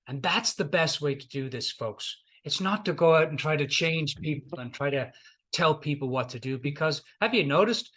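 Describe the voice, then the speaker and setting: A man's voice: fairly high pitch, lively intonation, moderate pace, fairly bright tone. A middle-aged man, a life coach, giving a motivational talk and retelling client stories, repeating key lines for emphasis.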